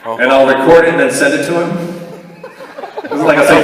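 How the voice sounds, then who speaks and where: A man's voice: mid-range voice, lively intonation, brisk, long pauses, over a noisy crowd. A man talking casually and rambling at a convention Q&A panel, often laughing, recorded by an audience camera far from the stage in an echoey hall. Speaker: voice actor convention guest.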